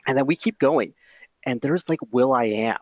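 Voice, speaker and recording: A man's voice: medium pitch, normal speed, dry recording, highs cut off. A man hosting a casual chat, enthusiastic and laid-back, jumping in with his own stories. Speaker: host.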